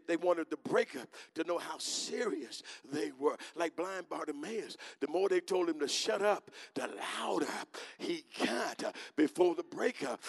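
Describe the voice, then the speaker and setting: A male preacher giving a sermon in rhythmic phrases, calling on the congregation to answer and swinging from quiet talk to shouting. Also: on the high side, vocal fry.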